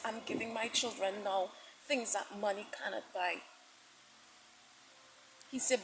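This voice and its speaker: A woman's voice: medium pitch, a little hiss or hum, rough recording. A woman preaching a sermon message with passion, repeating herself, stammering into restarts and quoting God at length. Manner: impassioned, repetitive, quotes God at length.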